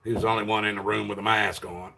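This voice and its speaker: Loud rambling man with a gravelly voice. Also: lowish voice, flat delivery, quick pace, slight background noise. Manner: loud, rambling retelling with many fillers. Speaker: vlogger. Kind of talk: casual storytelling to camera.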